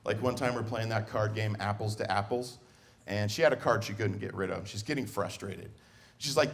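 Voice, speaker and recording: A man's voice: fairly low pitch, normal speed, vocal fry. A middle-aged man doing stand-up comedy on a club stage, telling family stories and acting out scenes as he goes. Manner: animated storytelling, acting out scenes.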